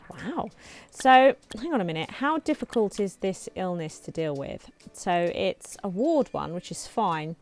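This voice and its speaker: A woman hosting a let's play, chatting casually and thinking aloud as she builds, her voice slightly hoarse. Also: medium pitch, lively intonation, a little slow. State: slightly hoarse, clearing throat. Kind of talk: casual gameplay commentary.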